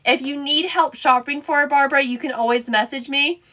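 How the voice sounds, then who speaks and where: Woman host, high bright voice, chatty live-stream crafter reading comments aloud. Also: brisk. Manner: chatty, answers viewer comments by name as she works. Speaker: wreath and decor crafter hosting a live stream. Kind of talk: casual live-stream chat while crafting.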